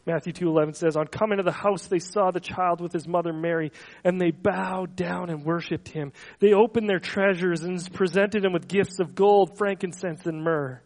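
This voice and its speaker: A man with a high-pitched voice delivers a sermon. He slows down and lifts his voice when reading scripture, then trails off softly at the ends of thoughts. Between quotes he stumbles and repeats small words. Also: steady tone, low-quality recording. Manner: earnest, slows and swells on scripture quotes, soft trailing endings. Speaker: pastor.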